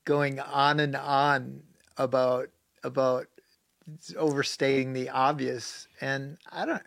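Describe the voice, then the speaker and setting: A man from Wisconsin, a political guest on a call-in radio show, talking in halting bursts with restarts and fillers. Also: mid-range voice, little pitch movement, gravelly, a bit bright, no echo. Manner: halting, restarts, many likes and you knows. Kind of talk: casual political talk radio.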